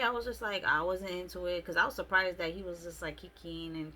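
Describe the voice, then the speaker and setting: Bright-voiced young woman telling a story. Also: lowish voice, brisk, hardly any pauses. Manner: expressive, slangy, lots of "like". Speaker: vlogger. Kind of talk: casual storytime vlog.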